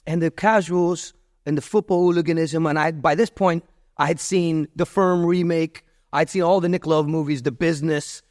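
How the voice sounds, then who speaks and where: A man in his fifties rambles through long stories as a podcast guest. His voice sits fairly high, and it is recorded close and dry with no room sound. He circles back, repeats himself and restarts his sentences often. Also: fairly even intonation, moderate pace, a little mellow, no echo. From Miami, USA. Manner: loose, repetitive, with many restarts and fillers. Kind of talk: rambling interview storytelling.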